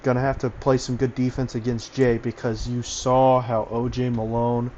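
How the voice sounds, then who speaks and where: A man's voice: medium pitch, little pitch movement, normal speed, darkish tone, lo-fi sound, a little hiss or hum. A man giving casual basketball analysis over voice chat, talkative and full of fillers. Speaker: basketball commentator.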